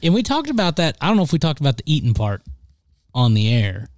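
A man's voice: on the high side, wildly swooping pitch, fast talker, darkish tone, no echo. A man co-hosting a hunting show, joking easily and laughing often in casual chat. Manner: easygoing, joking, laughs often, rural phrasing. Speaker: co-host of an outdoors hunting show.

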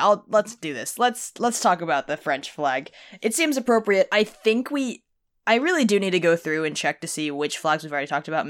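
A young woman with a lowish voice chats casually as a podcast host. She rambles, stumbles and restarts her sentences, with plenty of fillers. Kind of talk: casual chat.

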